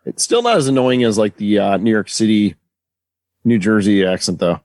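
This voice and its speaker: A man's voice: lowish voice, expressive, moderate pace, a little mellow, dry recording. A man co-hosting a comedy podcast, making laid-back, offhand remarks. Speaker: podcast co-host. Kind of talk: casual comedic chat.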